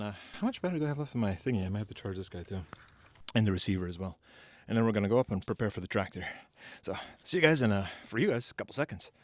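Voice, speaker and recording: A man's voice: lowish voice, dry recording. A man with a cold, chatting casually and swearing as he tends a fire outdoors and explains his method for a DIY vlog. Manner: chatty, profane, self-mocking, explains as he works. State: has a cold. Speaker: DIY homestead vlogger. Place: outdoors at a fire pit in a valley.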